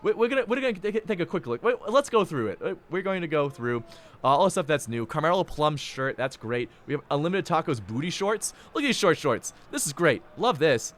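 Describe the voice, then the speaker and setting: A man hosting a live sports stream, signing off with excitable, hype-filled chatter and big swings in pitch. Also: brisk. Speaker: play-by-play host.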